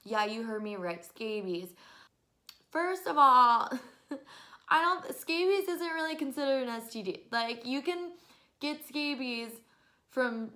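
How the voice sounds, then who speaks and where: A woman in her twenties telling stories to camera in an animated, exasperated way, often breaking into laughs. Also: sits high, takes it slowly, pauses often. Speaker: vlogger. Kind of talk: casual storytelling to camera.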